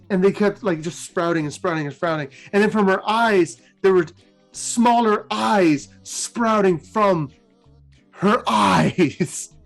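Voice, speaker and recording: A man with a high voice retells fantasy card-game lore in a casual, animated storytelling manner. Soft music plays faintly behind him. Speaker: host.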